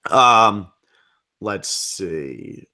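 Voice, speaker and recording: A man co-hosting a fan show, chatting casually in quick back-and-forth with filler words. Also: lowish voice, animated, pushed and bright. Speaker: podcast co-host.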